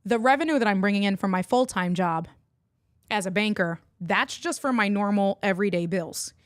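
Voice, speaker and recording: A woman's voice: medium pitch, normal speed, no echo, studio quality. A middle-aged woman hosting a casual livestream, chatting and laughing with her viewers as she goes. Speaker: livestream host and online entrepreneur.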